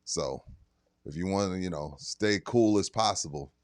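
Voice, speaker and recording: Laid-back low-voiced co-host. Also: male voice, normal speed, dry recording, studio quality. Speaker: sports radio co-host. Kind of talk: casual sports talk.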